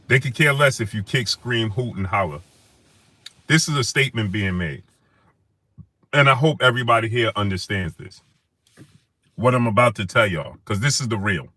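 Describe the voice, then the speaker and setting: A man running a live stream shouts out viewers by name and repeats phrases for emphasis, working himself up into heated outrage. His voice is on the low side, with no echo.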